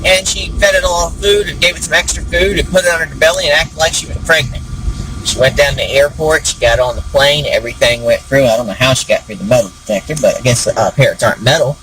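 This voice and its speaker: A man's voice: mid-range voice, fast, pushed and bright, a little hiss or hum, low-quality recording. A man hosting a show, telling jokes in a rambling, folksy way with many fillers. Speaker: host. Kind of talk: casual joke-telling.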